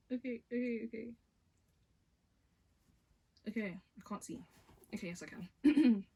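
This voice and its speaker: A woman reading a novel aloud on her vlog keeps tripping over lines, interrupting herself to chat and giggle. Her fairly high voice is animated yet measured, mellow with a breathy edge, and she pauses often.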